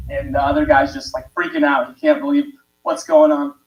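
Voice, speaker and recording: A man in an online group, casually telling a short anecdote in a relaxed way. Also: very high-pitched, moderate pace, gravelly, echoey room, distant mic, highs cut off. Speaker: group participant. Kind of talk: casual storytelling.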